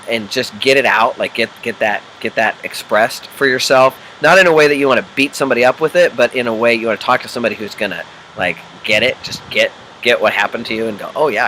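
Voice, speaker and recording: This rough recording, with slight background noise, features a sharp-toned, medium-pitched man from the Midwest who works as an executive life coach. Coaching the viewer in a casual, unedited video, he checks in along the way and dramatizes the voices and inner chatter in his examples.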